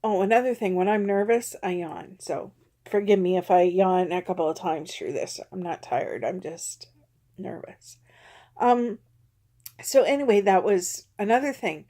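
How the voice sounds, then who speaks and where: A woman's voice: mid-range voice, measured pace, warm tone. A woman vlogger talking candidly and self-critically to her camera, rambling with frequent ums. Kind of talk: candid confessional vlog.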